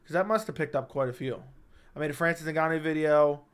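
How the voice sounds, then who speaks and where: A man hosting a casual livestream chat, talking in an animated, emphatic way, repeating himself and swearing freely. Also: fairly high pitch, brisk, clean tone. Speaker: livestream host. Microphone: studio microphone.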